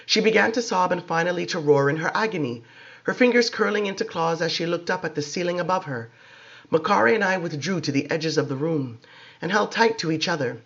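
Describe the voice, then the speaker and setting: A man giving expressive, measured dramatic audiobook narration, on a dull lo-fi recording. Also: a little high, gravelly.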